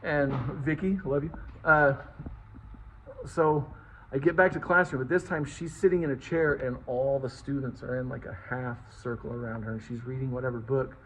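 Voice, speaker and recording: A man in his forties from Liverpool, England, casually telling a childhood story in an animated, self-mocking way and swearing freely. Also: medium pitch, moderate pace, slight background noise, rough recording. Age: 40s.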